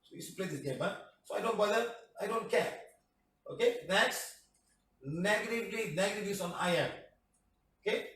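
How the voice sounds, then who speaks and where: A man's voice: high-pitched, a little fast, pauses often, a bit bright, a little hiss or hum. A man teaching a healing class, talking emphatically and repeating phrases as he acts them out. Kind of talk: class lecture. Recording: roomy hall from a distant mic.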